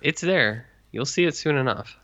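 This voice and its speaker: A man's voice: medium pitch, lively intonation, moderate pace, a bit bright, no echo. A man in casual chat, teasing and playful.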